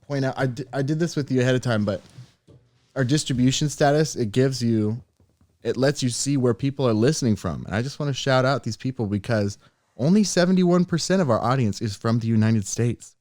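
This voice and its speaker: Excitable male podcast co-host. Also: medium pitch, brisk, no room sound, studio quality. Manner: playful, excitable shout-outs to listeners. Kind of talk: casual chat. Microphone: studio microphone on camera.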